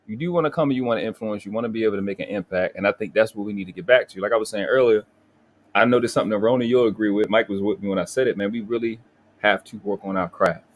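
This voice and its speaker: A Baltimore man in his forties hosts a livestream, launching into a profane, boastful, confrontational rant in his local accent. His voice sits lowish and he talks at a racing clip.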